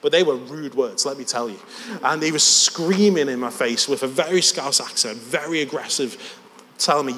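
Storytelling preacher in a reverberant hall. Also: male voice, mid-range voice, moderate pace, bright, forceful tone, a little hiss or hum. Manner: conversational, anecdotal, self-deprecating. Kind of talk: sermon storytelling. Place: church hall. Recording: long church reverb.

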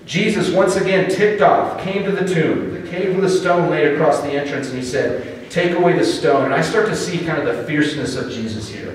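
Echoey American pastor preaching in a hall. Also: male voice, on the high side, slight background noise. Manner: conversational, animated storytelling with dramatic pauses. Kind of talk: sermon. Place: church sanctuary. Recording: echoey hall, distant mic.

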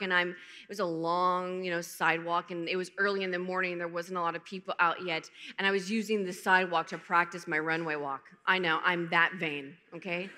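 A woman's voice: lowish voice, pushed and bright. A woman in her thirties giving a candid, emotional personal testimony to a conference, with self-deprecating humor. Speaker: conference speaker. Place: large conference hall. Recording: reverberant hall.

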